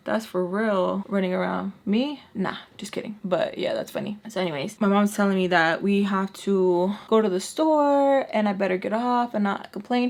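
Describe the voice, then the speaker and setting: A young woman vlogger telling a casual story while doing her makeup, sassy and animated, acting out quotes with her own asides. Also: mid-range voice.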